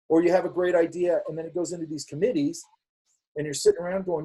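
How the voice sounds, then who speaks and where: A man's voice: a little high, fast, mellow, breathy edge, rough recording. Man rambling on a live class. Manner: rambling, acts out quoted dialogue. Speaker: instructor hosting a live class. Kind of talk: casual talk.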